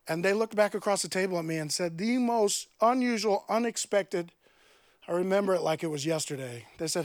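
A man in his thirties preaching a sermon, telling a personal story with animated delivery and acted-out dialogue. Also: sits high, a little fast, no room sound, clean studio sound. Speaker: pastor.

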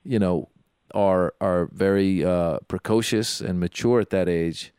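A man's voice: sits low, unhurried, mellow, clean tone, no echo, studio quality. A man from Iran co-hosting a casual comedy podcast, joking, laughing often and acting out quoted lines. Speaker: podcast co-host.

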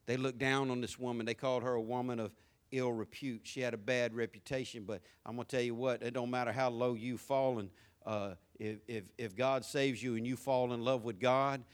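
A man's voice: medium pitch, a bit bright. A male pastor, preaching a sermon in a folksy way that rises to fervent preaching.

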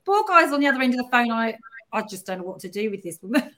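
A woman guest recounts a personal story on a video call. Her voice sits a little high, and she talks openly, with fillers and frequent laughter. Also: sing-song, fast, a bit bright. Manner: emotional, laughing often, many fillers. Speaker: book co-author, guest. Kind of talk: casual storytelling chat.

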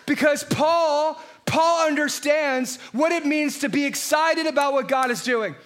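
A man preaching a sermon as pastor, energetic and animated, shouting key lines and firing rhetorical questions at the congregation. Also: extremely high pitch, unhurried.

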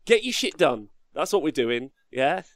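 A man's voice: on the high side, sing-song, normal speed. A man co-hosting a casual hobby podcast, ranting brashly with lots of swearing. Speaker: podcast co-host.

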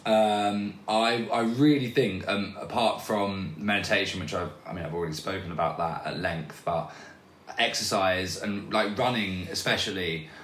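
A man speaks as a podcast guest in a relaxed, halting way, often restarting his sentences. His voice sits fairly low. The recording carries a noticeable room echo. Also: slight background noise. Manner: hesitant, with many restarts and fillers. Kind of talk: casual conversational interview. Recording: roomy echo.

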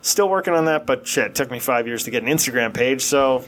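A man's voice: mid-range voice, lively intonation, fast talker, fairly bright tone, soft background music. A middle-aged man with a mid-range voice, chatting as a podcast co-host. He is blunt and crude, and he laughs easily through the conversation. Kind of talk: casual chat.

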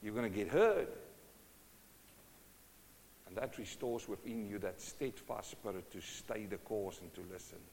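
A male preacher giving a sermon, swinging from hushed to loud and asking the congregation question after question. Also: on the low side, animated, a little slow, pauses often, a little hiss or hum. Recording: long hall reverb.

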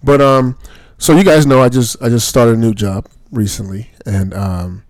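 A man co-hosting a podcast who talks in an earnest, halting way with many fillers. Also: medium pitch, fairly even intonation, no echo, clean studio sound. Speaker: podcast co-host. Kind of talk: casual podcast chat.

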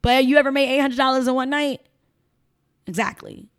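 A woman with a Chicago accent chats as a podcast guest, with a fairly high-pitched voice. She is animated and emphatic as she tells her stories. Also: brisk, clean tone. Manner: animated, emphatic storyteller who slips into mimicked voices. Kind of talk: casual interview chat.

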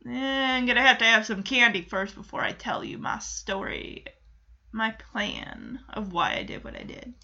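A woman's voice: on the high side, very animated, normal speed, creaky, sharp tone, exaggerated voice. A woman voicing a sneaky teenage boy in an offhand, mocking retelling, on a dull lo-fi recording. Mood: sulky. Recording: dull lo-fi sound.

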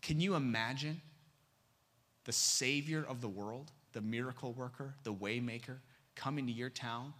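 A man preaching a sermon as pastor, joking with the congregation and dropping to a hush for emphasis. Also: mid-range voice, normal speed. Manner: lively and humorous, swinging between loud and hushed.

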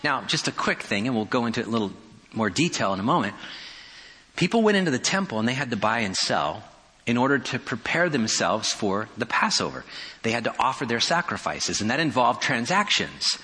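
Bright-voiced pastor preaching in a hall. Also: male voice, mid-range voice, sing-song, brisk. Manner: storytelling with humorous asides. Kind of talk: sermon.

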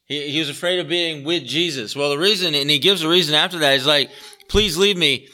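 Bright-voiced man preaching a sermon. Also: on the high side, fast talker. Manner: earnest, repeats phrases for emphasis, asks listeners rhetorical questions. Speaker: pastor. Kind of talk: conversational sermon.

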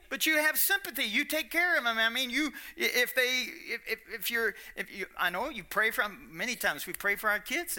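Brief: folksy Kentucky preacher, fairly high voice, swings from soft to loud. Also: male voice. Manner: animated, folksy, repetitive, swings between quiet and loud. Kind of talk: sermon.

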